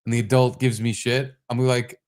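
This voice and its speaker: A young man co-hosting a podcast, telling a story with lots of swearing and animated bursts. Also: medium pitch, moderate pace. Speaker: podcast co-host. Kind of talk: casual podcast chat.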